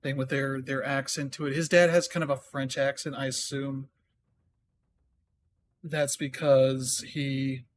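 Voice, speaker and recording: Dude rambling on a game stream, thinking out loud, bit of faint noise behind. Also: male voice, mid-range voice, little pitch movement, unhurried. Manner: thinking aloud, reading notes half to himself. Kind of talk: casual live-stream commentary.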